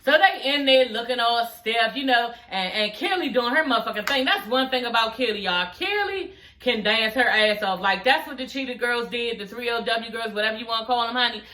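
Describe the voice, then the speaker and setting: A woman's voice: on the high side, lively intonation, fairly quick, hardly any pauses, pushed and bright. A woman recapping a reality show for her viewers in a sassy, profane, chatty way. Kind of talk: casual recap chat.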